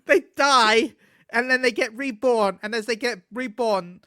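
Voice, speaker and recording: A man co-hosting a casual gaming podcast, excitable and quick to laugh, often tripping over his words. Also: very high-pitched, no room sound, clean studio sound. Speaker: podcast co-host.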